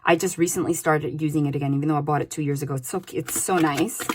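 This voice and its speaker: A woman's voice: deep voice, fairly even intonation, fast talker, darkish tone, husky. A woman giving a casual spoken tarot reading, chatty and loose, often adding "like" and "okay?". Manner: chatty, with many "like" and "okay?" tags. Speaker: tarot reader.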